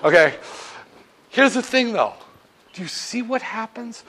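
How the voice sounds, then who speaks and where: A man's voice: very high voice, lively intonation, measured pace, pauses often, a bit bright. A man giving a finance lecture who breaks up his explanations with crude, irreverent jokes. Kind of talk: comedic classroom lecture.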